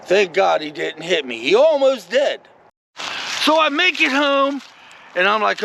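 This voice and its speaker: A man with a high voice, rambling through a casual vlog story and talking straight to his viewers. His pitch jumps all over the place, with a gravelly rasp underneath and a faint hiss behind him. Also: unhurried, rough recording. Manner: rambling and animated, many asides to viewers. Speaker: vlogger.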